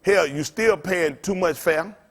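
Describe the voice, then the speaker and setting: A man's voice: high-pitched, measured pace. A man preaching to his congregation in a blunt, profane, rambling style, trading call-and-response with the room. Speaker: pastor.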